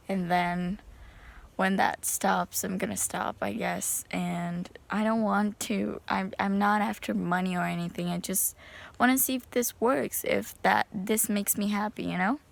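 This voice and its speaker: Slow-talking gravelly young woman vlogger. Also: medium pitch, fairly even intonation. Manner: rambling, chatty, says "you know" a lot. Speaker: book vlogger. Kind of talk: casual chat.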